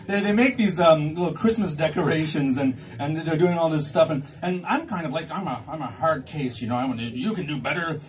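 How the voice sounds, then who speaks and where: A man's voice: a little high, brisk, few pauses, slight background noise. A male stand-up comedian performing live in a cinema, rambling and self-mocking, with stammering restarts. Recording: far from the mic, loud crowd laughter.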